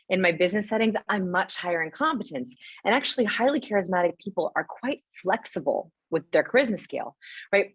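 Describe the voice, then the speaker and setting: A young adult woman answering webinar questions as a guest expert, animated and explanatory, often checking in with "right?". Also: lowish voice, slightly rough, no echo. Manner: animated, explains with quick asides and rhetorical "right?". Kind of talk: live webinar Q&A.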